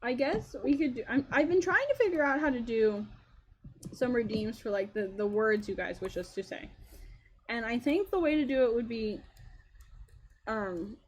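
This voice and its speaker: A woman's voice: on the high side, lively intonation, moderate pace, a little mellow. A young woman co-hosting a game stream, chatting casually and rambling with frequent laughter. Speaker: streamer co-host. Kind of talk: casual chat while playing a game. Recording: noticeable background noise.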